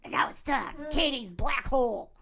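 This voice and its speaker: A woman's voice: high voice, expressive, moderate pace, gravelly, a loud crowd. A woman co-hosting a podcast in casual chat, giggly and teasing. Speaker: podcast co-host.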